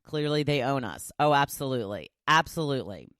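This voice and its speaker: A woman's voice: very deep voice, animated, a little fast, fairly bright tone, dry recording, clean studio sound. A woman hosting a solo podcast, chatting casually and animatedly, often laughing as she talks. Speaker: podcast host.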